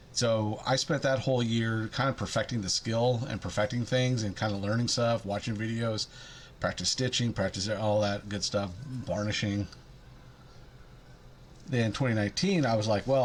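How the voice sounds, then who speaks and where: A man's voice: on the low side, slight background noise. A man chatting casually in a rambling, jokey, self-deprecating way about his leatherworking hobby. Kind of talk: casual chat.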